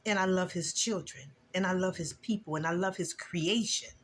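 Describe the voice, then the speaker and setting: An older woman and grandmother sharing an earnest, emotional Christian testimony in a casual vlog, with a preachy, expressive delivery. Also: normal speed, a little hiss or hum. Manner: earnest, preachy and emotional, with lively swings in pitch. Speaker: vlogger.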